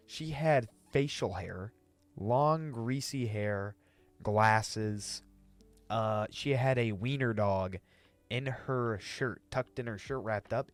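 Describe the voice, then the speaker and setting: A young man telling a casual retail story time, ranting and swearing, his voice jumping up when he gets exasperated. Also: no echo. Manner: ranting, swings high when exasperated, profane.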